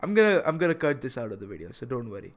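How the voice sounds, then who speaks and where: A young man hosting a casual podcast, talking in an animated way with many stammered restarts. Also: mid-range voice, rapid-fire. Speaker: podcast host.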